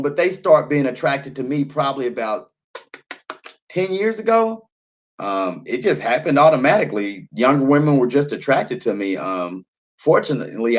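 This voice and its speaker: A man in his thirties hosting a live stream, chatting loosely over wine and reading out viewer comments, often repeating himself and trailing off with fillers. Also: mid-range voice. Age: 30s. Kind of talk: casual chat while drinking wine.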